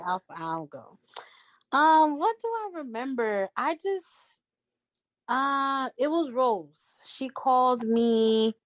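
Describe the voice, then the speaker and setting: Lively woman telling a story. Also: on the high side, no echo. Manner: animated, emphatic storyteller acting out quotes. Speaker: podcast guest. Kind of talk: casual storytelling chat.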